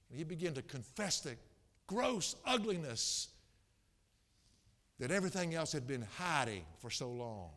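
A man preaching a sermon as pastor, swinging from soft, low passages to loud, impassioned outbursts. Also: very animated, measured pace, long pauses, big-room sound.

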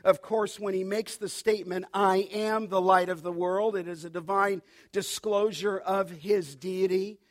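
Pastor, male, higher-pitched voice, emphatic sermon delivery with deliberate repetition. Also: steady tone. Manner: emphatic, repeats key phrases, slows for quoted scripture.

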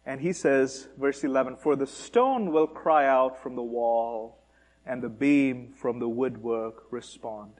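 A man preaching a sermon, speaking with animated, mocking emphasis and asking rhetorical questions. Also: medium pitch, unhurried.

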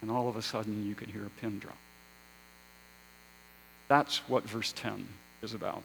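A man preaching a sermon as pastor, slow and measured, building to loud emphasis and then dropping to a hush. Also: on the low side, level tone, gravelly, poor audio.

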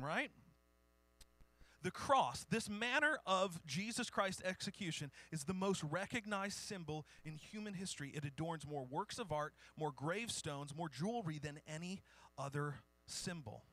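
A man's voice: high voice, sharp tone. A man preaching a sermon, informal and self-deprecating, reading historical quotes aloud. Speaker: pastor.

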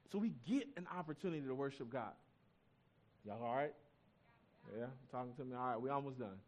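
A man's voice: mid-range voice, a little fast, long pauses, a little mellow. A male pastor giving a sermon, reading scripture and telling stories in a conversational way, with asides to the congregation.

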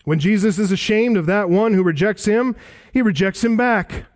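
A male preacher delivering a sermon, emphatic, rising for stress and dropping low for weight. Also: moderate pace. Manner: emphatic, swinging between loud rises and low drops.

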